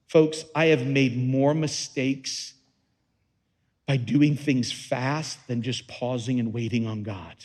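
A man preaching a sermon as pastor, moving between hushed, slow passages and loud, rising emphasis. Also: mid-range voice.

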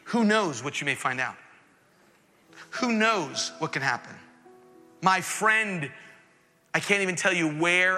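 A man preaching a sermon to students as their pastor, animated and acting out quoted voices, sometimes rising to near shouts. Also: a little high. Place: church auditorium. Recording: echoey hall with faint music behind.

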